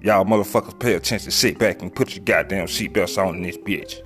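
A man voicing a brash older man, loudly addressing a funeral crowd. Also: deep voice, a little fast, soft background music. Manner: loud, brash, cursing. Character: loud older man hosting his father's funeral. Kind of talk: comedy skit voices.

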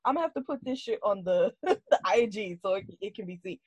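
Blunt, animated woman podcast host. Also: medium pitch, fast, slightly rough, no echo. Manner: animated, blunt, swears freely. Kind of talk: casual chat.

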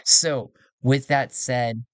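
Male solo game narrator, musing aloud over dice rolls, mid-pitched, dry close mic. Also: fairly even intonation, extremely slow, no echo. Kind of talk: solo tabletop role-play narration. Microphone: close desk microphone.

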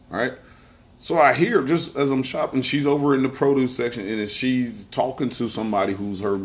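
A man hosting a podcast, telling a story in a casual monologue, emphatic and repeating phrases as he speaks straight to listeners. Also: lowish voice. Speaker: podcast host.

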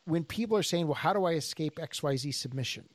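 A man co-hosting a podcast as a jiu-jitsu instructor, telling stories in a casual, animated way and acting out the people he quotes. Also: fairly high pitch, quick pace, no room sound. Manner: animated storyteller, acts out quoted dialogue.

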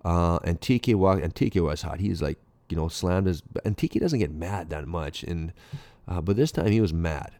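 Deep-voiced man telling a rambling story. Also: normal speed, warm tone, no echo. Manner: rambling, acts out dialogue, self-interrupting. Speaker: former pro baseball player. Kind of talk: anecdotal storytelling.

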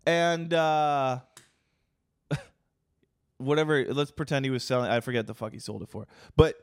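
A man co-hosting a podcast, telling stories in casual chat, swearing often and getting animated. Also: mid-range voice, unhurried, clean tone, dry recording, studio quality. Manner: profane, animated storytelling. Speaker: podcast co-host.

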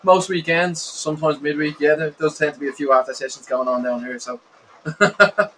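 A man's voice: a little high, fairly even intonation, normal speed, fairly bright tone, low-quality recording. Laid-back man, light background noise. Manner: laid-back, laughs often. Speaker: podcast co-host. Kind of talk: casual podcast chat.

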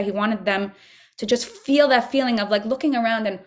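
A woman's voice: fairly even intonation, fairly quick. A young adult woman hosting a podcast, giving an earnest spiritual teaching talk and acting out pleading voices. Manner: earnest, acts out pleading voices in higher pitch. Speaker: podcast host.

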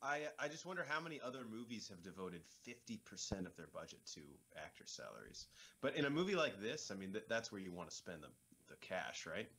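A man's voice: lowish voice, very animated, fairly quick, pushed and bright. A man in his thirties co-hosting a movie commentary podcast, dry and wisecracking as he shares trivia. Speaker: podcast co-host. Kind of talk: casual movie commentary chat.

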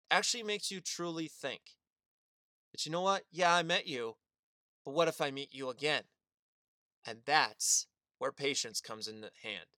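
Animated young male sports radio host. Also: fairly high pitch, dry recording, clean studio sound. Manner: animated, earnest storytelling. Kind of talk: sports opinion monologue.

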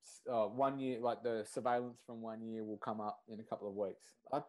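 A man's voice: lowish voice, fairly even intonation, brisk, darkish tone. A man with an Australian accent, a podcast guest telling his story candidly in casual conversation and laughing easily.

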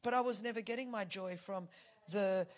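A woman in her forties preaching a passionate sermon, swinging from hushed, intimate lines to shouted declarations. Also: mid-range voice, normal speed.

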